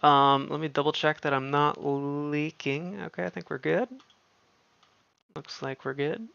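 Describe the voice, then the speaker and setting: A man's voice: a little high, fairly even intonation, unhurried, gravelly, sharp tone, smooth, muffled recording. A man hosting a casual livestream, chatting offhandedly with viewers and swearing freely. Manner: profane, offhand, talks to chat. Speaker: livestream host.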